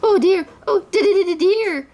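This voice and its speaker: A woman's voice: very high voice, moderate pace, darkish tone, pitched above the performer's own voice. A woman voicing a timid, stammering little male piglet. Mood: nervous. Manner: stammering, nervous.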